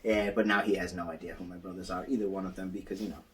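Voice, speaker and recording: Animated storytelling man, off-mic. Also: deep voice, quick pace, far from the mic. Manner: animated storytelling, acts out quotes. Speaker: podcast co-host. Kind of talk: casual chat.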